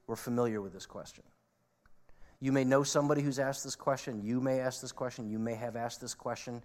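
A man's voice: mid-range voice, steady tone, a little fast. Earnest male pastor in a reverberant hall. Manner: earnest, swings between emphatic peaks and quiet asides. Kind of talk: sermon. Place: church sanctuary. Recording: long reverb of a large hall.

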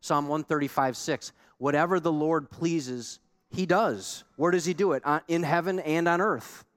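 A man preaching a sermon as pastor, emphatic, repeating key lines for weight and moving between quick bursts and slow, stressed phrases. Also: on the high side.

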